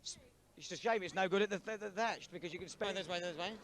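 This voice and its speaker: A man interviewing people for jokes, jovial and quick to laugh. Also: high-pitched, fairly bright tone. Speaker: street interviewer collecting jokes. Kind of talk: vox-pop banter.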